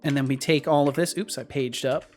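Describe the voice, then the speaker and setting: A man's voice: medium pitch, steady tone, fairly quick, soft background music. A man streaming live as he codes, thinking aloud and often repeating and restarting his phrases. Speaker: streamer and game developer.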